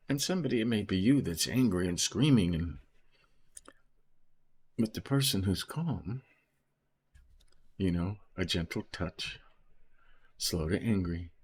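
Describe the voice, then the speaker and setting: Husky low-voiced man teaching scripture. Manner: reads verses then explains them, asking "right?" often. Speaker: Bible teacher. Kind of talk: informal Bible study commentary.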